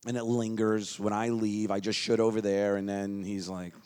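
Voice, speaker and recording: A man giving an energetic motivational seminar talk, leading the crowd in chants and dropping into quiet asides. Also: fairly low pitch, moderate pace, smooth. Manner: energetic, leads crowd chants, swings between loud calls and quiet asides.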